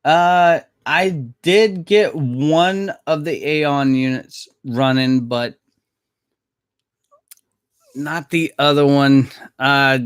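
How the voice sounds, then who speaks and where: Slow-talking, laid-back man live-streaming. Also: on the high side, clear, resonant tone, dry recording, clean studio sound. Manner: laid-back, rambling, chuckles often, swears casually. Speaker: maintenance worker streaming live. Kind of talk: casual live-stream chat with viewers. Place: Jacksonville.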